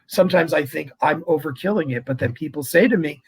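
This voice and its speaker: A man who is a priest, talking in a casual interview and telling stories in a chatty, animated way. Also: on the high side, brisk, gravelly, husky, rough recording. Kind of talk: conversational interview.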